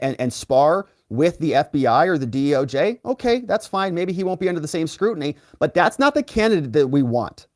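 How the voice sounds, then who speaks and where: A man hosting a live legal commentary stream, reading out viewer comments and giving sarcastic, animated asides. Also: fairly high pitch, dry recording, studio quality. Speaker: lawyer and livestream host.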